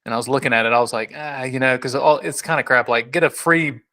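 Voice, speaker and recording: A man's voice: mid-range voice, fast talker, bright, forceful tone. A man co-hosting a casual podcast, rambling and joking with many restarts. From South Carolina. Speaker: podcast co-host.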